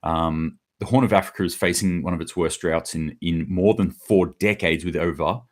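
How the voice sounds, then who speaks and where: A man's voice: deep voice, steady tone, normal speed. A middle-aged man hosting a solo news commentary, blunt and sarcastic, acting out quotes in mock voices.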